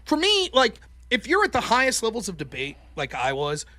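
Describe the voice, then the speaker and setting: A man's voice: extremely high pitch, wildly swooping pitch, normal speed, pushed and bright. A man in casual podcast chat, talking animatedly, swearing constantly and acting out what other people said. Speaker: podcast guest, former college debater.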